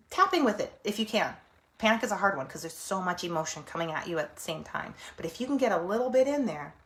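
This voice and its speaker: Middle-aged female therapist, chatty and animated, voices inner thoughts mid-talk, medium pitch. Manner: animated, acts out inner voices, laughs often. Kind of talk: casual teaching talk.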